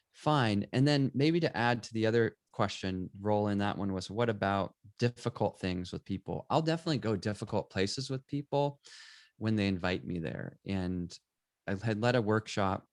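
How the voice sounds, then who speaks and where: A middle-aged man, a photographer and guest, telling stories in conversation and acting out bits of dialogue with lively energy. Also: lowish voice, no room sound, clean studio sound. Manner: animated, acts out quoted dialogue. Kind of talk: conversational storytelling.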